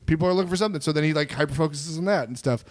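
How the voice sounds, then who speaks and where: A man's voice: fairly high pitch, very fast, slight background noise. A man hosting a podcast interview, eagerly affirming his guest and asking long rambling questions. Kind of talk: casual interview chat.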